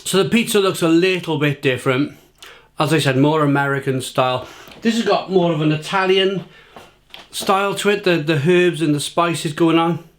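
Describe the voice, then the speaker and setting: A man's voice: a little high, moderate pace. Chatty British man reviewing pizza. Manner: chatty, repeats himself, talks while eating. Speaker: food and beer reviewer. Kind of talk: casual review to camera.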